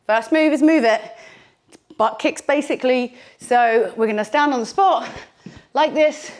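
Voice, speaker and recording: A woman instructs a bodyweight workout, keeping up friendly chatter, jokes and encouragement though a little winded. She uses a clip-on mic attached to her t-shirt and speaks in a high voice, slightly slowly.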